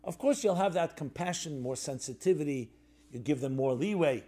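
Mellow-voiced man teaching with gentle parables. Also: lively intonation, moderate pace. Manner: reflective, tells parables, drops to a soft low voice for stories; conversational with fillers and restarts. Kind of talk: sermon-style talk.

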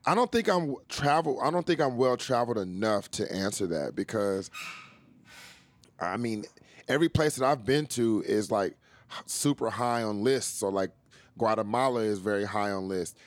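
A man's voice: fairly low pitch, animated, moderate pace, no echo. A Californian man with an American accent chatting casually about travel, loose and profane, laughing often. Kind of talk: casual chat.

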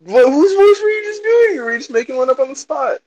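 A young man joking with friends in casual chat, giggly and animated. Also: very high voice, fast talker, no room sound.

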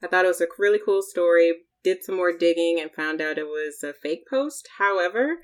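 A woman with a low voice co-hosts a casual talk show. She hedges and thinks aloud as she talks. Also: brisk. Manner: thoughtful, hedging with fillers. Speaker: podcast co-host. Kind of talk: casual chat.

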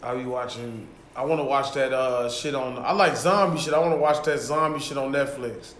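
A man's voice: medium pitch, normal speed, a bit bright, roomy sound, slight background noise. A man co-hosting a podcast, talking loosely and profanely and laughing often. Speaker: podcast co-host. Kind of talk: casual chat.

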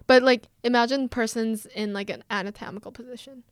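A woman's voice: fairly high pitch, fairly even intonation, brisk, clear, resonant tone, no room sound, studio quality. A woman co-hosting a podcast in casual chat, asking questions and laughing easily. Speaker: podcast co-host.

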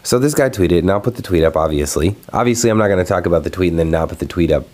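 A man's voice: deep voice, racing. A young man hosting his own video, ranting casually and profanely about something that annoyed him online. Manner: profane, exasperated, animated ranting. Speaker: video host. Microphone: recorded alone at home.

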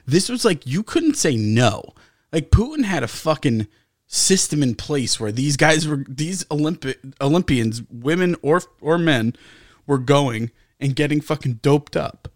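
A man's voice: a little high, lively intonation, a little slow, no room sound, clean studio sound. A man co-hosting a casual podcast, talking animatedly with heavy profanity and frequent laughter. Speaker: podcast co-host. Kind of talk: casual chat.

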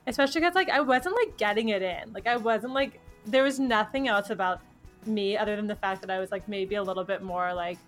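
A woman's voice: medium pitch, brisk, faint music behind. A young woman with a Southern US accent, chatting casually and rambling with lots of "like.". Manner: rambling, heavy use of "like". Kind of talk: casual chat.

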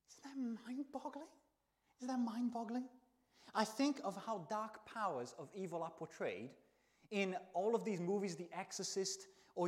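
A man preaching a sermon in a church, telling the story with lively swings between soft, hushed lines and loud exclaims. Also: high voice. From not from the country where he preaches.

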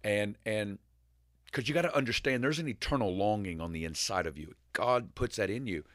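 A man in casual faith conversation, retelling a story as an animated storyteller who rambles and restarts. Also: on the low side, fairly quick, no room sound, studio quality.

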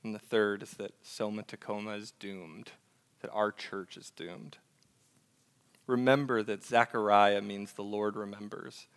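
Earnest young male pastor, smooth low voice. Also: long reverb tail. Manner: earnest and conversational, with fillers and self-corrections. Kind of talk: sermon.

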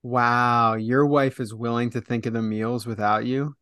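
A man's voice: mid-range voice, fairly even intonation, a little slow, a bit bright, smooth, dry recording. Chatty man, dry close sound. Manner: self-deprecating, chatty, teasing. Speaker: podcast co-host. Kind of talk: casual podcast chat.

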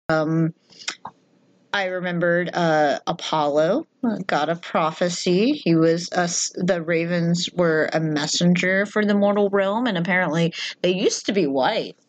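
A woman's voice: lowish voice, a little slow. A woman co-hosting a podcast, chatting casually with a wry, self-deprecating humor. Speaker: podcast co-host. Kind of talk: casual chat.

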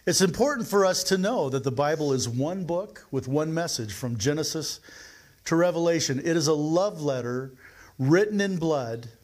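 A man's voice: on the high side, lively intonation, normal speed, darkish tone. A middle-aged man preaching a sermon in a church, talking conversationally and asking the congregation questions. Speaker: pastor.

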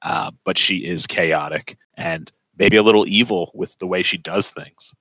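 A man co-hosting a podcast, talking in a relaxed, casual way with hesitations. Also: low-pitched, normal speed, no room sound. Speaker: podcast co-host.

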